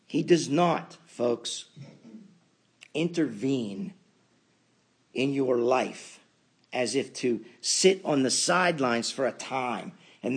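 Slow husky male preacher. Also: medium pitch, lively intonation. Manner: preaching with rising emphatic peaks and quiet asides. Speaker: pastor. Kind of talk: sermon.

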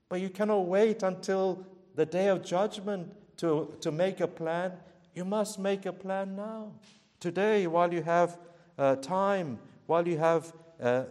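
A man's voice: high-pitched, darkish tone. Earnest preacher man in a reverberant hall. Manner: earnest pleading with repeated rhetorical questions. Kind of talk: sermon.

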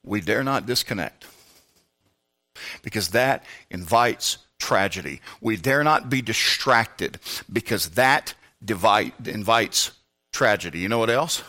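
Male pastor, bright sharp voice, animated pitch, swings from measured to shouted preaching. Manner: builds from low, measured talk to shouted preaching. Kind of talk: sermon. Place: church.

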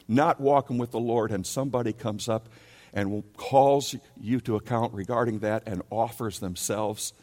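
A man's voice: mid-range voice, dark tone. A male pastor preaching a sermon, emphatic, and he keeps rising into pleading questions. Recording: long hall reverb.

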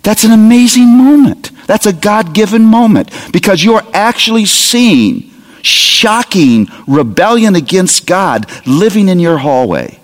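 A man preaching a sermon to parents, lively and humorous, acting out little scenes of talking to a child. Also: high voice, measured pace. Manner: animated, humorous, acts out parent dialogue. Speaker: pastor. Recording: long hall reverb.

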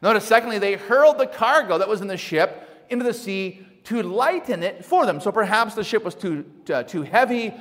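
Male pastor, sermon, animated rhetorical questions, lively swooping pitch, long hall reverb. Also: brisk.

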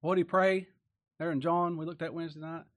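A man preaching a sermon in a folksy way, asking rhetorical tag questions and moving between loud emphatic lines and quiet, slowed asides. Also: on the high side, fairly even intonation.

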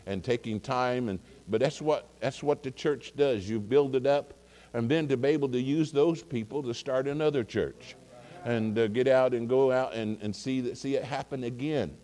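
A man's voice: mid-range voice, moderate pace, dark tone. A man preaching, telling a rambling folksy story with many fillers and restarts. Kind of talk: casual sermon anecdote. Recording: long hall reverb.

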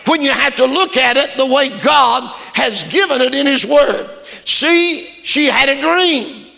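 A male preacher delivering a fervent sermon that builds to shouted emphasis. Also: very high voice, unhurried, gravelly. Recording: long hall reverb.

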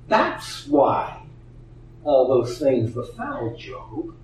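A man preaching a sermon, expressive, acting out the voices in the story he tells. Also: mid-range voice, slow pace, slight background noise. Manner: expressive, acts out quoted voices. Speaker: pastor. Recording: echoey room, heard from a distance.

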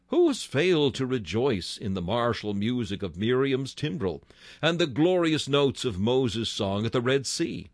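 A man's voice: fairly low pitch, no room sound. A man delivering a solemn sermon, with stately, old-fashioned biblical diction and a string of rhetorical questions. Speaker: preacher. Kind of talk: sermon reading.

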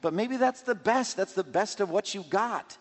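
A man's voice: sits high, lively intonation, normal speed, long reverb tail. A man preaching a sermon, walking through scripture and acting out quotes and everyday scenes. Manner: expository, acts out scripture quotes and scenarios.

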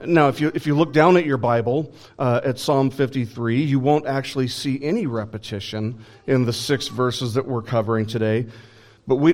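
A pastor preaches a sermon in a conversational style, full of fillers and restarts. His mid-range voice has a darkish tone.

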